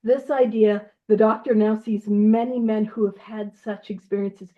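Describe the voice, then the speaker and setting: A woman's voice: medium pitch, steady tone, normal speed, phone-quality sound. A woman co-hosting an online recovery book study, chatting in an upbeat, jokey way. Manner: upbeat, jokey, laughs often. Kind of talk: casual online meeting talk.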